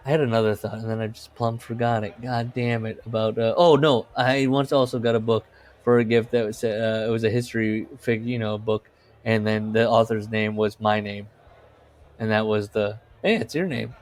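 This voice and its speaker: A man's voice: lowish voice, steady tone, normal speed, darkish tone. A man co-hosting a podcast, telling rambling stories in casual chat, laughing often and swearing. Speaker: podcast co-host.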